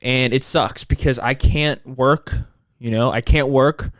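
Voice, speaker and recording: Alone on his podcast, a young man in his 20s vents and rambles with plenty of swearing, speaking unhurriedly with fairly even intonation. He has a clear, smooth voice at a middling pitch. The audio is dry, close, and echo-free.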